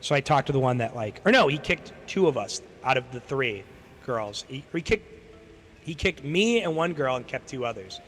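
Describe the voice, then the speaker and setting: A man's voice: mid-range voice, sing-song, normal speed, fairly bright tone. A young man chatting casually on his stream, rambling through a story, swearing freely and acting out what other people said. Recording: long reverb, faint background noise.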